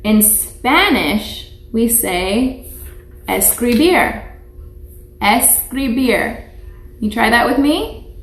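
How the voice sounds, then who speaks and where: A woman's voice: on the high side, sing-song, slow. A woman teaching young children in a live online lesson, speaking patiently and repeating each word for them to echo. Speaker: preschool teacher. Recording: echoey room.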